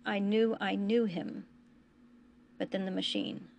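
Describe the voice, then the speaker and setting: A woman reading a story aloud, voicing a traumatized young man who talks in a halting near-whisper. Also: medium pitch, flat delivery, vocal fry, darkish tone, a little hiss or hum. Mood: subdued.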